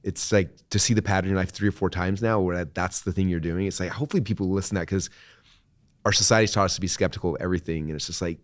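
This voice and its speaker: A man with a very deep voice hosts a relaxed interview. He talks fast, enthusiastic and encouraging, tossing in fillers. His voice is close and dry. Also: no echo. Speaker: host. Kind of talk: casual interview conversation.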